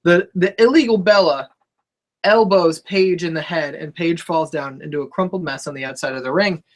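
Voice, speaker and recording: A man co-hosting a casual wrestling talk show, animated, laughing often and acting out loud mock quotes. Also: on the high side, moderate pace. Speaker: wrestling podcast co-host. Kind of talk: casual chat.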